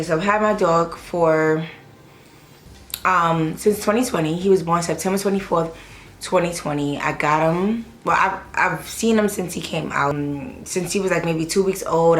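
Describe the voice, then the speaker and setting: Young woman, casual vlog, lower voice, emotional and hesitant, roomy echo. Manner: emotional, hesitant, holding back tears. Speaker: vlogger. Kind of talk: casual vlog talk to camera. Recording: echoey room with faint background noise.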